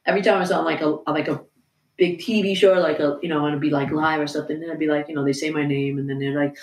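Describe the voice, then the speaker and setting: A woman's voice: deep voice, fairly even intonation, rapid-fire, roomy sound. A woman musician chatting casually as a guest, laid-back and swearing, telling stories with little impressions. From United States. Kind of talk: casual interview chat.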